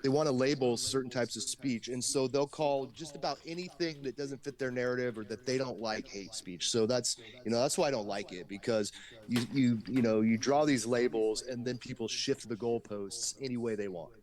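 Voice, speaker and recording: A man's voice: medium pitch, normal speed, darkish tone. A man chatting casually on a stream, hesitant and agreeable, often repeating words. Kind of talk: casual political chat.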